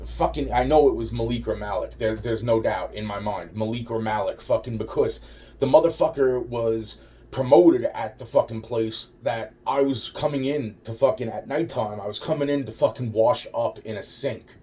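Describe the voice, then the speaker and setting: A man's voice: mid-range voice, normal speed, warm tone, slight background noise. Profane rambling man, far from mic. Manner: profane, rambling, full of restarts. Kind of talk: rambling personal story. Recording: voice distant from the mic.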